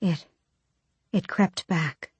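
A woman voicing a calm, determined female healer who speaks in a steady, firm, commanding way. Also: on the low side, measured pace, breathy edge, dry recording.

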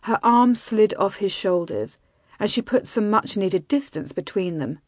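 A woman reading a romance novel aloud in a soft, intimate, measured way. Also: medium pitch, expressive, no echo, studio quality. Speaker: audiobook narrator. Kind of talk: scripted romance narration.

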